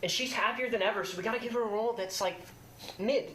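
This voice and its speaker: Young woman, student presenter, jokey pitch, laughs a lot, faint noise behind. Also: fast talker. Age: young adult. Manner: joking, laughs often. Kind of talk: casual comedic pitch presentation. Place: studio.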